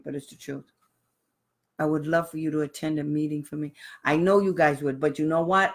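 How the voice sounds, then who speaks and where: A woman leading a live online training for parents, blunt and sassy, laughing often as she talks. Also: on the low side. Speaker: special education advocate and trainer.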